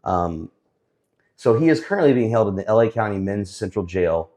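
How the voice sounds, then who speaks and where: A man giving casual, sarcastic commentary on the week's news, often pausing with fillers. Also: lowish voice, animated, a little mellow. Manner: sarcastic, hesitant with many fillers.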